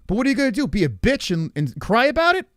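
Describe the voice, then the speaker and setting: A man hosting a livestream, loud and profane, reacting to a clip and talking to his chat. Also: very high voice, sing-song, fast, no echo, clean studio sound. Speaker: livestream host. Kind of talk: casual livestream commentary.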